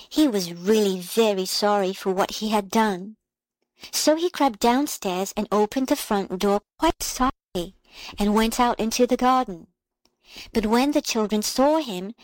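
A woman reading a fairy tale aloud in a calm, measured storybook style. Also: on the high side, no room sound, poor audio.

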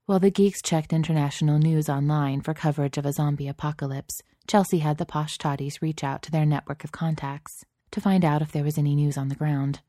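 A woman reading a story aloud as narrator, in a dry, even storytelling manner. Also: low voice, brisk, few pauses, dry recording. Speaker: audiobook narrator. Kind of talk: scripted narration.

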